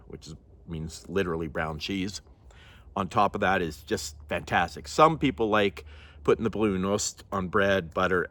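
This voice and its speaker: A man from Norway chatting casually to camera, laughing now and then and clearing a scratchy throat. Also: on the low side, fairly bright tone, dry recording. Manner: chatty, laughs often, self-correcting. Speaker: vlogger.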